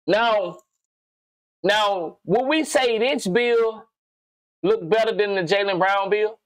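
A man's voice: high-pitched, takes it slowly, no room sound. Man, casual reaction commentary, slangy rambling, dry close sound. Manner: slangy, animated, rambling and swearing. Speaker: gaming commentator reacting to a video.

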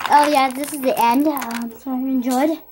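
A child casually narrating a home-made brick film, excitable, humming dramatic sound effects and rambling with restarts. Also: sits high, moderate pace, a little hiss or hum. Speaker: young brick-film maker.

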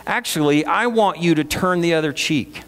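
A man's voice: fairly high pitch, moderate pace, fairly bright tone. Man preaching in a reverberant church. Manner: conversational, storytelling preacher. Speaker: pastor. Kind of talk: sermon. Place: church sanctuary. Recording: long reverb of a church hall.

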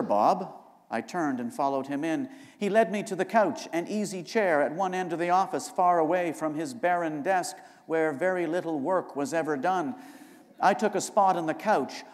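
A male author reads his novel aloud in a dry, deadpan narrating voice that is high-pitched and very animated. A long hall reverb from the live event hangs around every line. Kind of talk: live book reading. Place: public library event hall.

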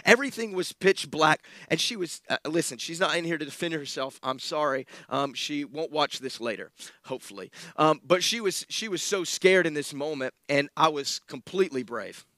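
A man preaches in a high, bright, ringing voice. He tells stories with self-deprecating humor and swings between quiet asides and loud bursts. The sound is dry and close. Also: lively intonation, normal speed, no room sound. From South Alabama. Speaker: pastor. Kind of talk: sermon with a personal story.

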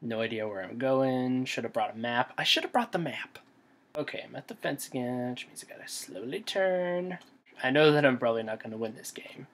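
A man's voice: mid-range voice, a little fast. A man giving let's play commentary on a horror game, jumpy and nervous, talking to himself as he plays. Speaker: gamer.

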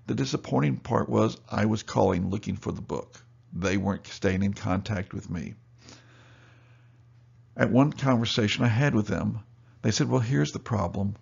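A man's voice: lowish voice, normal speed, vocal fry, darkish tone, breathy edge, dull audio. A male store owner giving a seminar talk, telling customer anecdotes and acting out both sides of the conversations. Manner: storytelling, acts out both sides of dialogue.

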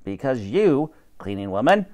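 A man's voice: medium pitch, sing-song, moderate pace, darkish tone, lightly acted. A man voicing a grand, snappish old professor who commands and lectures. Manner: commanding, pompous, bursts of rising emphasis.

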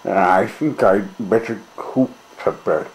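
A man voicing a clumsy, cheerful little storybook man who yelps a shrill, startled "What?". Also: slow, noisy background.

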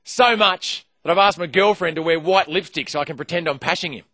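A man's voice: a little high, brisk, dry recording. A man with an Australian accent doing punchy stand-up one-liners on stage before a live audience. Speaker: stand-up comedian. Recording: live stage with loud crowd laughter.

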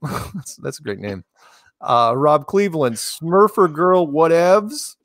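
A man co-hosting a livestream, reading a list of viewer names and dropping deadpan joking asides. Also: fairly high pitch, slow, no room sound, clean studio sound. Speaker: livestream co-host. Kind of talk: casual livestream chat.

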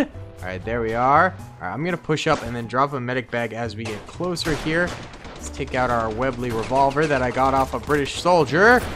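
A young man giving excitable gameplay commentary as a gaming video host, breaking into loud reactions. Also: medium pitch, normal speed. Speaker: gaming YouTuber. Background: game music and gunfire.

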